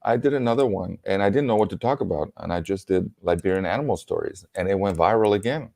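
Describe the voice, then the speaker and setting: German-accented comedian, low voice, lively anecdotes over a video call. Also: male voice, fast talker, vocal fry. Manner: animated, laughs often, acts out quotes. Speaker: comedian and storyteller. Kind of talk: casual storytelling chat.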